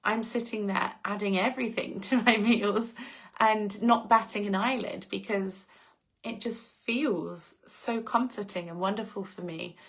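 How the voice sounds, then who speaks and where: A woman's voice: medium pitch, steady tone, a little slow, gravelly, fairly bright tone. English woman, live-stream host, casual chat, effusive, laughs a lot. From England. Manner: effusive, gushing, laughs often. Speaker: live-stream host reading viewer comments.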